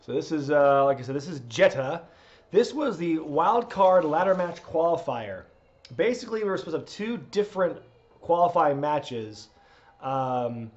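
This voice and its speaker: A man's voice: a little high, muffled recording. A man hosting a live wrestling watch-along stream, chatting casually, laughing, and reading out viewer requests. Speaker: streamer host.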